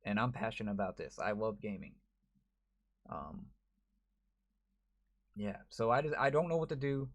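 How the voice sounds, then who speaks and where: A man's voice: fairly low pitch, moderate pace, pauses often. Frustrated man venting to camera. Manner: frustrated, rambling, many restarts. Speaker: gaming YouTuber. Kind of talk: emotional to-camera vlog.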